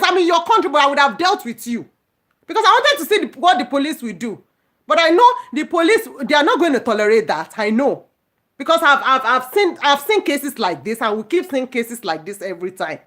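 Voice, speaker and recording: A middle-aged woman vlogger delivers an indignant, repetitive rant to her viewers. Her voice sits fairly high and swings through a lively, animated range as she hammers each point home. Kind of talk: casual ranting monologue to viewers.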